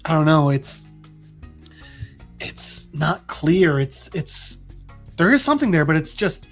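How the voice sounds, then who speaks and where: A man voicing a confused burned man with lost memory who speaks in halting bits. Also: on the high side, very animated, soft background music, exaggerated voice. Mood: unsure. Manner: unsure, halting.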